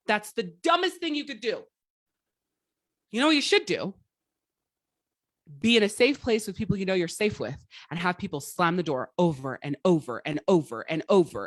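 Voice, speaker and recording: A woman's voice: medium pitch, a bit bright, no echo, clean studio sound. A woman life coach giving a motivational livestream talk, blunt and profane, rambling with frequent restarts.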